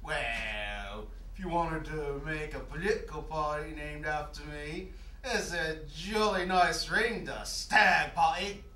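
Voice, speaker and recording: Speaking slowly at a fairly high pitch, the man sounds pushed and bright, with slight background noise. He's the voice of a wry, meddlesome mounted stag head chiding a politician in a sly mock-British way, captured at a distance on an echoey stage.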